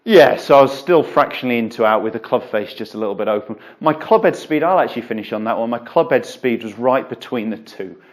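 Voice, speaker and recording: A man who is a golf coach, explaining and demonstrating a drill in a relaxed, chatty way with frequent fillers, in an indoor golf studio. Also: medium pitch, fast, few pauses. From England. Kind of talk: instructional video lesson.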